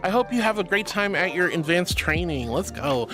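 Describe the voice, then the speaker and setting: A man live-streaming in a virtual world, chatting casually and gushing over his viewers in playful, excitable bursts. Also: high-pitched, moderate pace, faint music behind.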